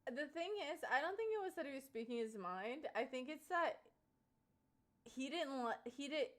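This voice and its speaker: A young woman streaming live, chatting to her viewers in a loose, rambling way. Her voice sits fairly high and swings widely in pitch as she laughs her way through the telling. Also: normal speed. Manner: animated, laughs often, many fillers like "like" and "um". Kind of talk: casual storytelling to chat.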